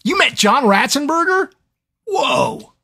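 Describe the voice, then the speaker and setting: A very high-pitched male voice with vocal fry moves at a slow pace. The speaker, an audiobook narrator, hosts a live fan Q&A stream where he chats playfully and tells stories in an animated manner.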